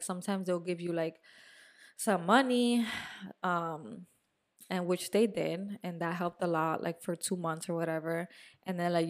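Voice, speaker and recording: A young woman co-hosting a podcast, telling a story in a casual, animated way, now and then swearing and dropping in Spanish words. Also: lowish voice. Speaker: podcast co-host. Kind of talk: casual chat.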